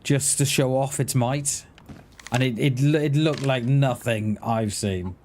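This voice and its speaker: A man's voice: mid-range voice, takes it slowly, a little mellow, slight background noise. Rambling male game streamer. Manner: rambling, restarts words often, talks to chat. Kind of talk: casual livestream chat while gaming.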